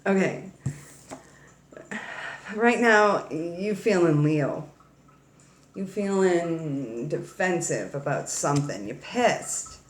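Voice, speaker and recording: A woman's voice: fairly low pitch, expressive, takes it slowly, long pauses, slight background noise. Woman tarot reader, casual and playful, salty slang, roomy echo. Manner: playful, slangy, swears freely, talks straight to viewers.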